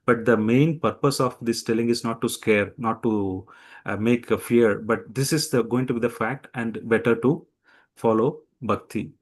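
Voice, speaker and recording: A man's voice: medium pitch, normal speed. A male teacher explaining scripture from slides with a midrange voice. He tells stories animatedly and acts out quotes. He often stops to restart sentences, with many fillers. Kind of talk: devotional scripture talk with slides.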